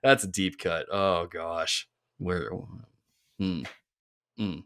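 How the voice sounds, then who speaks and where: A man's voice: low voice, fairly even intonation, drawn-out words, a bit bright, clean tone, no echo, studio quality. A man co-hosting a podcast in casual chat, laid-back and rambling as he reads listener mail. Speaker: podcast co-host.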